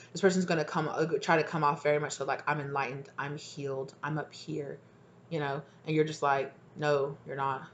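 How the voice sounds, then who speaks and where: A tarot reader giving a casual reading to viewers, talking in a chatty, emphatic, slangy way, acting out the people being described and mumbling asides over the cards. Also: mid-range voice.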